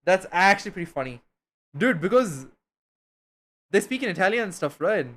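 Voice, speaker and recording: A young man from India, talking with his stream chat. His voice sits a little higher than most men's. He rambles casually, full of slang and the odd curse word. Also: sing-song, moderate pace, fairly bright tone. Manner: slangy, swearing, chatty and rambling.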